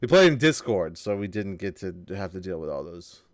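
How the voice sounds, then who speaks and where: A man's voice: low voice, sing-song, a little fast, no room sound, studio quality. A man co-hosting a casual gaming news chat, rambling and profane, often restarting his sentences and joking at his own expense. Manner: rambling, profane, self-deprecating, many restarts. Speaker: podcast co-host.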